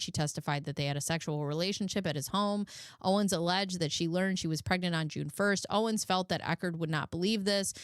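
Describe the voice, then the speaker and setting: A woman's voice: fairly low pitch, clear, resonant tone, no echo, studio quality. A woman hosting a live stream, reading out court records with sarcastic asides. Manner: sarcastic asides, laughs at her own jokes. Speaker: live commentary host.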